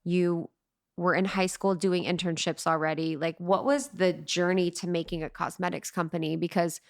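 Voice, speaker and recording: A woman with a lower-pitched voice hosts a podcast conversation. She listens closely, chimes in with soft murmurs and asks her questions in a relaxed, conversational way. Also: normal speed. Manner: attentive, with constant soft murmured affirmations. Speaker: podcast host.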